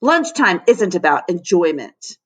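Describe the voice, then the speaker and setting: A woman's voice: on the low side, very animated, slightly rough, exaggerated voice. A woman voicing a stern, bellowing middle-aged lunch monitor in a storybook read-aloud, growling out orders. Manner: growling, commanding, slow and loud.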